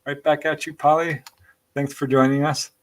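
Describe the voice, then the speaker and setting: A man's voice: on the high side, flat delivery, normal speed. A man hosting a live-stream show, reading out viewer comments in a chatty, thankful way and laughing between them. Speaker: podcast host.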